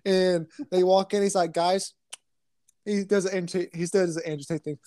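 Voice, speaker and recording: A man's voice: high-pitched, level tone, brisk, mellow, no echo. A young man chatting casually on a podcast, telling a rambling story, laughing often and swearing. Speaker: podcast co-host. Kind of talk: casual chat.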